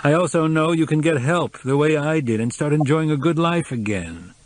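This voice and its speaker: A man's voice: a little high, normal speed, no echo, pitched above the performer's own voice, close to an everyday voice. A man reading an audiobook, voicing a reserved, formal middle-aged man who speaks with restraint. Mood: restrained. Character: patient, reserved middle-aged man, cool then kind.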